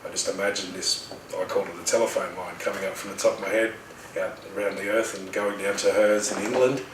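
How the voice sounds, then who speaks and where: A man telling a personal story in a casual, animated way, acting out his own past shouting. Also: sits low, fast talker, noisy background. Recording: roomy sound, mic at a distance.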